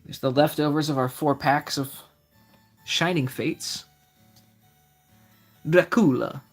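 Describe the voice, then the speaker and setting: A young man with a slightly high voice chats casually through a live stream, reading out the cards he pulls one by one and replying to viewers. Faint music plays quietly underneath. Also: slow. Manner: chatty, reads out card names, answers chat. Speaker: streamer opening trading card packs.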